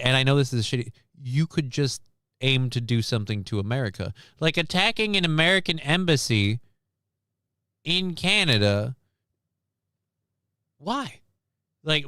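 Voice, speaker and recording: A man's voice: fairly high pitch, pushed and bright, smooth, dry recording, clean studio sound. A man hosting a casual stream, ranting about the news in a sarcastic, profane, rambling way. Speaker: streamer host. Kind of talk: casual news commentary rant.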